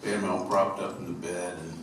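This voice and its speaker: A singer-songwriter from upstate New York tells humorous, rambling stories with fillers between songs on a theater stage at a live concert. His low voice moves quickly with little pitch movement, and the recording is echoey, distant, and noisy.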